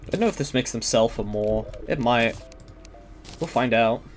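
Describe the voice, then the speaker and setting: Young male streamer, loose meandering gaming chat, casual profanity, mid-pitched voice. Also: moderate pace, soft background music. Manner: rambling, filler-heavy, swears casually.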